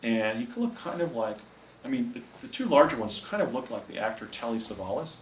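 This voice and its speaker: An older man giving a talk and recounting a personal story, with a rambling, halting delivery full of restarts. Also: mid-range voice, very animated, vocal fry. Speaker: speaker presenting images to an audience. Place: presentation room with a projector. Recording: echoey room, distant mic, faint hiss.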